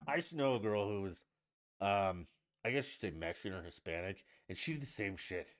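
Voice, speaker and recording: Man, fairly low voice, casual stream host, blunt swearing rant. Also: expressive, fairly quick. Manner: profane, blunt, ranting. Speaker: livestream host. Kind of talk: casual ranting chat.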